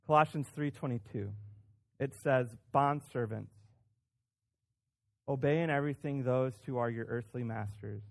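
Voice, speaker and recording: A man's voice: medium pitch, measured pace, vocal fry, long pauses. Male pastor, sermon delivery, casual, repeats words, punches key points. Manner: conversational, self-deprecating, with frequent restarts and emphatic rises.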